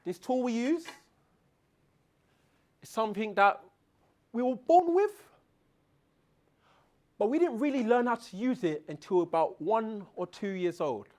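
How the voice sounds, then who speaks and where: A man giving a conference keynote on presentation skills, asking the audience questions and swinging between a quiet drone and loud, rousing passages. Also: animated, unhurried, pauses often. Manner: dramatic swings in loudness and pitch to demonstrate voices. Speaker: keynote speaker. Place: conference hall.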